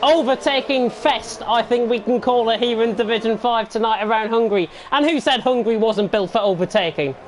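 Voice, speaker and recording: A man's voice: very high-pitched, brisk, hardly any pauses, slight background noise. A man commentating live on a sim racing league, enthusiastic colour commentary between the calls. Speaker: race commentator.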